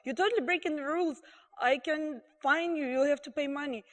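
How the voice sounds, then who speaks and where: A woman's voice: sits high, fairly quick, long reverb tail, close to an everyday voice. A woman voicing a patient but worn-out male bus driver who scolds passengers. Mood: stern. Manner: stern, then tired and exasperated.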